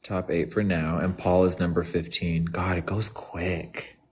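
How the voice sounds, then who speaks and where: A man's voice: sits low, level tone, a little slow, a little mellow. A man chatting casually on a phone live stream, blunt and joking, swearing freely. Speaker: livestream guest. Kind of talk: casual livestream chat.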